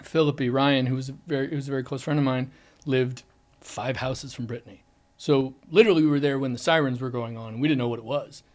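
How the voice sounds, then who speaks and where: Male actor, candid and halting interview answer. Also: medium pitch, fairly even intonation. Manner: candid, frequent restarts, drops to soft tones. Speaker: actor guest. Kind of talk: reflective interview.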